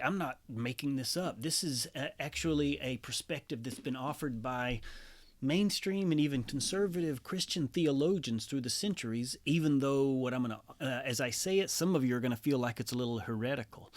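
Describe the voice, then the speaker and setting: A man telling a familiar story in a casual, conversational storytelling talk, with fillers and asides. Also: medium pitch. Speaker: storyteller and songwriter.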